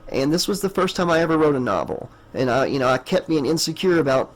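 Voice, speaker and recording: A man's voice: a little high, animated, brisk, few pauses, poor audio. A man talking loosely and personally as the author and reader of an audiobook, wandering through his thoughts with many fillers and heartfelt thanks to listeners. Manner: rambling, lots of fillers, warm thanks. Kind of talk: casual afterword talk to listeners.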